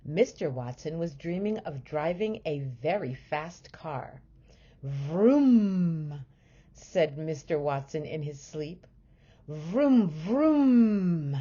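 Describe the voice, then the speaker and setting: In a muffled, lo-fi recording, a teacher gives a storybook read-aloud of a children's book. She sounds gentle and expressive, with a low, mellow, slightly husky voice, a slow pace, and a lively, melodic lilt.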